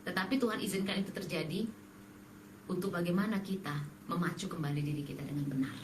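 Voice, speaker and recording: A woman co-hosting a morning devotional, brisk and encouraging. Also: lowish voice. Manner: brisk, encouraging, affirming interjections. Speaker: co-host. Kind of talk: devotional talk. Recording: echoey room with noise.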